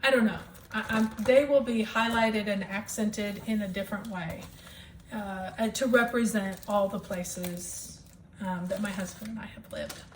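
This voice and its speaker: Unhurried and steady, with a mid-range voice, a Midwestern woman presents her cross-stitch projects at home. Her enthusiastic show-and-tell chat is full of ums, and a little hiss or hum can be heard.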